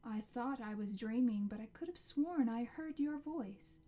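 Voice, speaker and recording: A weary, gentle mother voiced by a woman reader speaks softly and tenderly in an audiobook. Her voice sits a touch high, with a warm, mellow tone. She keeps a light, joking edge under the tiredness. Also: measured pace.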